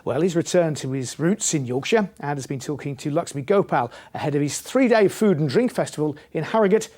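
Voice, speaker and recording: A man presenting a regional TV news programme, reading links smoothly. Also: a little high, lively intonation, brisk, a little mellow. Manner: smooth, lightly jokey link reading.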